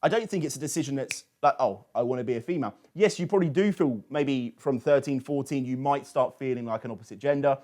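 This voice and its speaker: Talk show host asking rambling questions. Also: male voice, mid-range voice, fast talker, hardly any pauses, darkish tone. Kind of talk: political talk show hosting.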